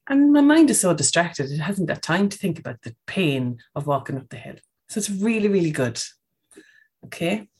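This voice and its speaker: A woman's voice: lowish voice, very animated, normal speed, a little mellow, breathy edge. A woman giving a casual, coaching podcast talk on breathing, often checking in with "okay?".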